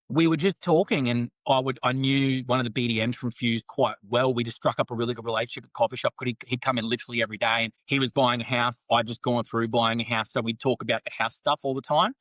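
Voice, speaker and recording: A man talks at a brisk clip, blunt and full of swearing, slipping into the voices of the people in his anecdotes. His middling voice sits close and dry on the mic. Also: medium pitch, fairly bright tone, no echo, low-quality recording. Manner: candid, sweary, quotes others in banter. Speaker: podcast guest. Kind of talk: casual storytelling interview.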